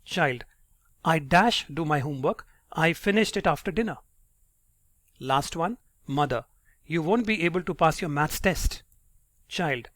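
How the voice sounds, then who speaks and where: Male teacher, fairly high voice, explanatory, dry close recording. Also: fairly bright tone, no room sound. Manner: explanatory, often tags sentences with "right?". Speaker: English teacher. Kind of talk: online grammar lesson.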